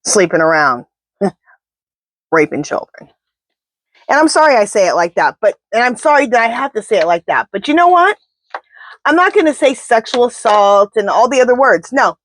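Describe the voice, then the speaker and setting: A woman's voice: on the high side, big pitch swings, moderate pace, pauses often, no echo. Blunt woman doing a tarot reading. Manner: talks to her spirit guides and pendulum, blunt and indignant. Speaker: tarot reader. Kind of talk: casual tarot reading monologue.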